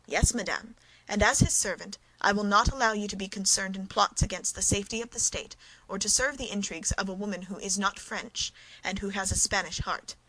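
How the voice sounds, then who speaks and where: A woman's voice: mid-range voice, a little fast, pushed and bright, rough recording. A woman doing a pompous, greedy middle-aged mercer. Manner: self-important, emphatic.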